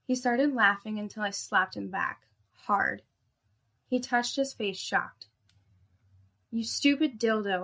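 A woman narrating a first-person erotic story in a soft, intimate, hushed way. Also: medium pitch, creaky.

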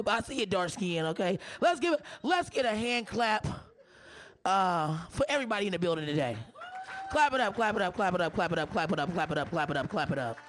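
Hoarse woman comic doing a live set, brash, swears a lot, roasts the crowd. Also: fairly low pitch, expressive, a little fast, slight background noise. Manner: brash, profane, teasing the audience. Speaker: stand-up comedian.

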